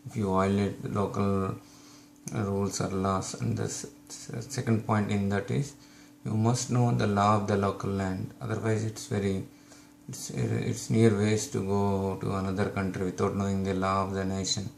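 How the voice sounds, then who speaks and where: Talking casually to camera, a YouTube host from India with an Indian English accent gives his viewers advice, hesitating with many fillers and restarts. His voice is on the low side, level, at normal speed, with vocal fry.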